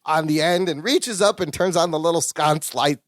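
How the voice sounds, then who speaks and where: A man's voice: on the high side, moderate pace, no echo, studio quality. A man co-hosting a rewatch podcast in casual chat, retelling sitcom scenes with lots of laughter and acted-out lines. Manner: animated, laughs often, acts out scenes. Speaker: podcast co-host.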